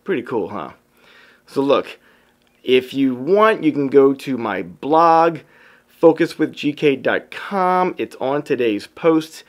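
A man who works as a photographer, giving an upbeat motivational talk to his viewers and calling them y'all. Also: mid-range voice. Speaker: photographer and vlogger.

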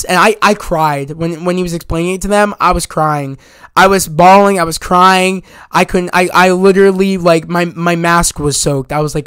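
A man talks through a film in a casual spoiler review, eagerly retelling scenes and acting out bits of dialogue. His voice sits fairly high and sounds smooth. The recording is dry, with no room sound. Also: fairly even intonation, a little fast, a bit bright, no room sound.

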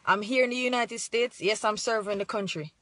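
A woman's voice: mid-range voice, a little fast, fairly bright tone, no room sound. A young adult woman from Jamaica with a Jamaican accent, speaking earnestly to the camera and sliding into patois as she urges pride in her country. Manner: earnest, preachy, slides into patois. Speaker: vlogger. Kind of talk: impassioned talk to camera.

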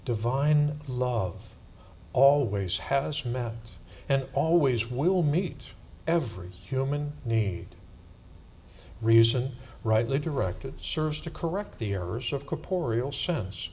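Male church reader, measured solemn delivery, slow, faint hiss behind. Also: medium pitch, expressive, a little mellow. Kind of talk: reading aloud in church.

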